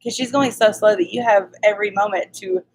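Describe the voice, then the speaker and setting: A woman's voice: medium pitch, a little fast, creaky, husky, rough recording. A woman in her thirties co-hosting a casual live chat, laughing often as she tells a story that pokes fun at herself. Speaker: co-host.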